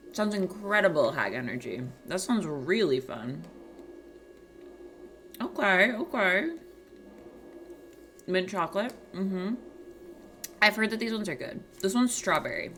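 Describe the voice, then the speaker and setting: Soft-spoken woman, lively bright voice. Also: mid-range voice, slow, pauses often, a little hiss or hum. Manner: soft-spoken, chatty, reading out chat messages. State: quiet morning voice. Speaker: livestream host. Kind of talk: casual chat with stream viewers. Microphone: small desk microphone.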